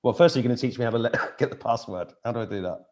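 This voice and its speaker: A man's voice: medium pitch, racing, a little mellow, muffled recording. A man hosting a live video call, chatting casually, emotional and laughing often, restarting his sentences. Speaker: host of a live online meeting. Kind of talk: casual live-stream chat. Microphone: computer video call.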